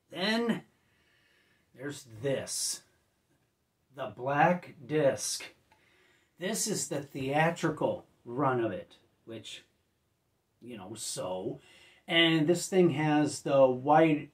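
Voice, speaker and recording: A man casually reviewing discs at home, rambling and correcting himself, often clearing his throat as if he just woke up. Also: a little high, distant mic. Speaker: disc reviewer.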